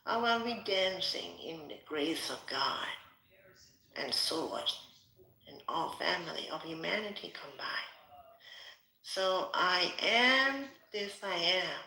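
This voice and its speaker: A slow-speaking woman from Thailand with a sharp, very bright voice. She talks theatrically, swinging from whispers to shouts, and sounds like she is in an echoey room. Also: mid-range voice. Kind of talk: rambling livestream call.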